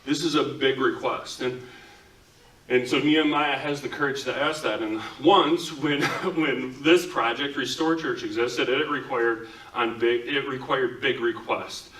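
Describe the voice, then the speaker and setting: A man's voice: medium pitch, fairly even intonation, a little slow, fairly bright tone, recorded from a distance. A man preaching a conversational sermon as a pastor, talking casually with many "like" fillers. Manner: casual, talks with frequent "like" fillers. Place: church. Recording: echoey room, speaker away from mic.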